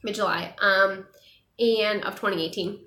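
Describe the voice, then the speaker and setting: A young woman, a travel vlogger, chatting casually and animatedly while answering viewer questions on a live stream. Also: mid-range voice. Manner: chatty, animated, quick laughs. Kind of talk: casual chat. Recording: echoey room.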